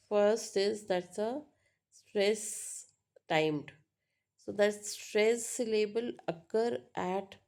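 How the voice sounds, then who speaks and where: A woman teacher giving a slow online lecture, explaining step by step with many fillers and frequent checks for understanding. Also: mid-range voice, vocal fry, mellow. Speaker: English teacher.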